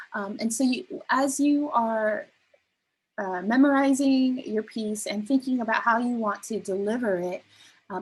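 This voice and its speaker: A woman leading a beginner spoken word workshop, explaining delivery gently with frequent ums and restarts. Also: a little high, breathy edge, low-quality recording. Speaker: workshop facilitator.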